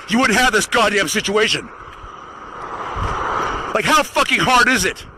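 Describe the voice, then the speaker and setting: A man delivering an angry, profanity-laden rant while walking outdoors, often breaking into shouts. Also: high voice, lively intonation, unhurried, slight background noise, rough recording. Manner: shouting, furious, swearing constantly. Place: outdoors, walking to get the mail.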